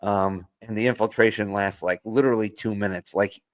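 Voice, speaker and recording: A man with a lowish, steady voice co-hosts a podcast, casually reviewing a movie. His plot recap rambles with lots of filler words and quick put-on quotes.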